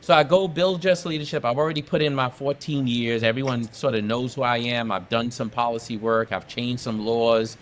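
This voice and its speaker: A man's voice: medium pitch, steady tone, normal speed, hardly any pauses, a little hiss or hum. A middle-aged man from New York telling his story as a podcast guest, emphatic and fond of repeating phrases for effect. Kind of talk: casual storytelling interview.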